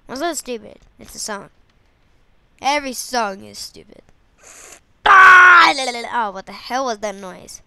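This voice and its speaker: A woman giving goofy, excitable let's play commentary while playing a game, talking to herself and the viewers. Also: medium pitch, normal speed, vocal fry, smooth, dry recording. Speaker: gamer.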